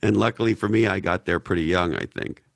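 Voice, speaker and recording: A man's voice: deep voice, quick pace, gravelly. A man from Canada hosting a podcast Q&A, blunt and profane, telling stories in a casual way. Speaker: podcast host. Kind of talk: casual Q&A talk.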